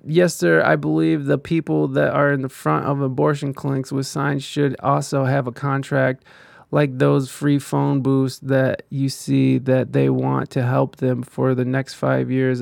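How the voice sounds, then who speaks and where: A man's voice: mid-range voice, gravelly, darkish tone, no echo, studio quality. A man ranting in casual commentary, profane and heated, rambling with many restarts.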